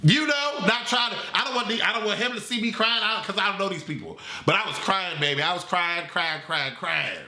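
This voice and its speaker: A man giving a comedic movie review in a dramatic, sassy, animated way. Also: sits high, brisk, hardly any pauses, slight background noise. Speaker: movie critic. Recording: roomy echo.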